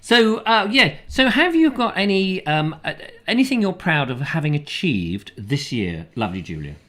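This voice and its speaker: Casting: chatty English show host, very lively pitch, jokey asides. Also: male voice, moderate pace. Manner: jokey, rambling, reading out viewer comments. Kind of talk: live comic chat show.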